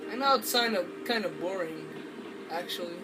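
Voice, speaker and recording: High voiced male gamer, slow rambly playful commentary, distant mic with game music under it. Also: expressive. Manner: playful, rambling, talks to himself. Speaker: gaming video maker. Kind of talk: gameplay commentary. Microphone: camera held by hand.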